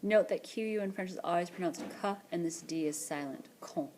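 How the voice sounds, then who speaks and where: Lower-voiced woman teaching French. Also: darkish tone, slight background noise. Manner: explains patiently, repeats French words slowly for practice. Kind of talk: screencast lesson narration. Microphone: tablet or headset mic for screencast voice-over.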